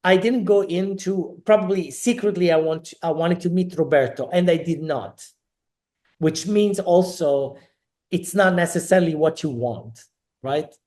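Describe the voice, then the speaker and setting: A man's voice: fairly high pitch, measured pace. A middle-aged man from Naples, a podcast guest telling a personal story and acting out the dialogue as he goes. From Naples, Italy. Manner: animated, acts out quoted dialogue.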